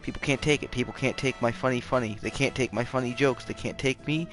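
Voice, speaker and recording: A man's voice: mid-range voice, steady tone, fast talker, fairly bright tone. A man rambling goofily and mocking himself while playing a game late at night, keeping his voice down. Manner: rambling, goofy, playfully self-mocking. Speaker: game streamer. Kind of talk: hushed late-night gaming chatter. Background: game music.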